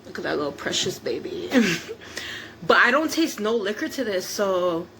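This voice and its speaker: A woman's voice: medium pitch, big pitch swings, moderate pace, creaky, a bit bright, a little hiss or hum. A young woman vlogging at home while cooking, chatty and laughing, swearing casually. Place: home kitchen.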